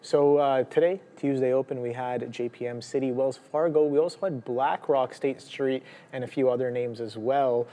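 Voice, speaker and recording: A man's voice: mid-range voice, steady tone, moderate pace, few pauses, dark tone. A man co-hosting a live trading show, listing upcoming earnings names with lots of fillers. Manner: rambling, lists tickers with many fillers. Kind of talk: live market commentary.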